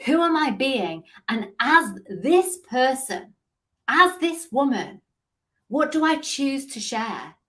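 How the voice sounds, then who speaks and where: A woman's voice: sits high, fairly bright tone. Earnest woman coaching with rhetorical questions. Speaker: business coach. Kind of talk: live motivational talk.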